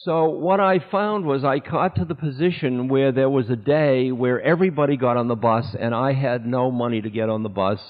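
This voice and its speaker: A man's voice: mid-range voice, moderate pace, hardly any pauses. A man as a spiritual teacher, telling a personal story to an audience in a candid, self-mocking way that breaks into laughter. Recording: echoey hall, dull older recording.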